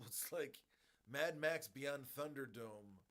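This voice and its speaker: A man in his forties, a stream host, ranting in a rambling, animated way about a movie in casual chat. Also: mid-range voice, takes it slowly.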